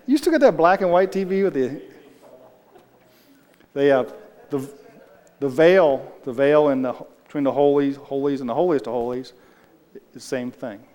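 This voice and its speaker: A man's voice: on the high side, darkish tone. Man leading a casual Bible study, reverberant room. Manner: conversational, loose, answers the group as he goes.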